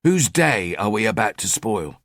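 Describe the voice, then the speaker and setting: A man's voice: very animated, unhurried, a bit bright, dry recording, studio quality, full character voice. A man doing a terse, brooding detective inspector. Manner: terse, low-key.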